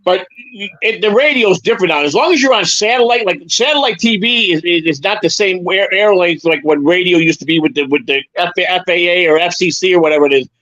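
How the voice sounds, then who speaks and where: A man's voice: high-pitched, fairly quick, few pauses, fairly bright tone, dry recording. A man chatting casually on a live stream, rambling through stories and stumbling over repeated words. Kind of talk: casual chat. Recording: dull lo-fi sound.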